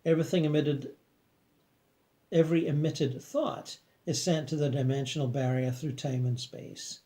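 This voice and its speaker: A man calmly reading a first-person afterlife story in a measured way. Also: on the high side. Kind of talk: scripted first-person narration.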